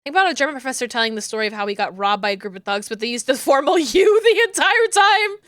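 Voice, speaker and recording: A woman's voice: high-pitched, expressive, fast talker, fairly bright tone, dry recording. A woman streamer chatting casually with viewers, rambling along with lots of fillers and restarts.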